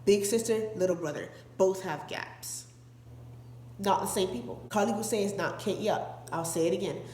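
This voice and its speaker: A woman's voice: mid-range voice, normal speed, mellow, roomy sound, a little hiss or hum. A woman hosting a casual commentary vlog, talking straight to her viewers and hammering her points home by repeating them. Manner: emphatic and repetitive, addresses viewers directly. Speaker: vlog host.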